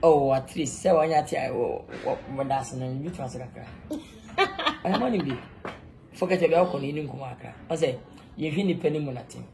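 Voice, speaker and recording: A man's voice: a little high, a little fast, vocal fry, a crowd in the background. Ghanaian man rambling in a comedy skit. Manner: rambling, laughing, breaks into singing praise. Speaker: comic actor.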